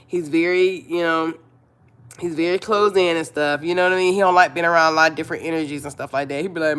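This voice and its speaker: A woman's voice: sits low, fairly even intonation, fast talker, a bit bright, smooth. Blunt, chatty woman live-streaming. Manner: chatty, blunt, repeats herself, talks to viewers. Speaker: livestream host. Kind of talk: casual live-stream chat.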